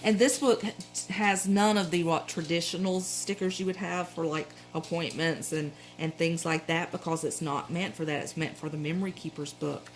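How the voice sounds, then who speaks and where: Low-voiced Southern woman, chatty. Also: steady tone, normal speed, few pauses, faint music behind, low-quality recording. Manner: chatty, rambling, frequent self-corrections. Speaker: planner vlogger. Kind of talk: casual show-and-tell chat.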